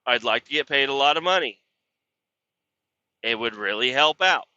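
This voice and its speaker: A man who drives a truck rambles through a casual podcast monologue, grumbling and cursing about work. His voice is sharp and very bright. The recording is dry and dull, with a lo-fi edge. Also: medium pitch, expressive, moderate pace, dry recording. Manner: profane, grumbling and frustrated, with many fillers. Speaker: truck driver hauling water; podcast host. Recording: dull lo-fi sound.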